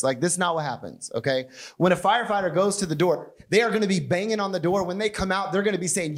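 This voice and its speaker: A man preaching a conversational sermon as pastor, animated and playful with his asides. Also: sits high, fast talker. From United States.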